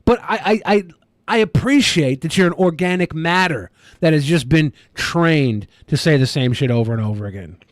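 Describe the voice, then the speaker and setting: A man co-hosting a casual podcast, with a slightly high voice and a dry, close sound. He delivers crude, sarcastic jabs at viewers. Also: lively intonation, moderate pace, no echo. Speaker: podcast co-host.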